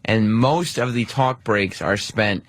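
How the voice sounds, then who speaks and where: A man on a radio show reviewing another program, speaking in a hesitant, halting way. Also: lowish voice. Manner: hesitant, halting, full of fillers. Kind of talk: casual studio discussion. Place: radio studio. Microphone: studio microphone.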